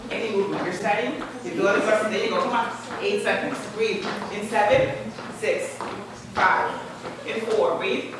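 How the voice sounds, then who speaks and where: An energetic woman coaches a group through a live workout, counting down and cheering them on. She sounds far from the mic in a very echoey room. There is noise in the recording. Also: mid-range voice, moderate pace. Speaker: fitness instructor. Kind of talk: leading a live exercise demo.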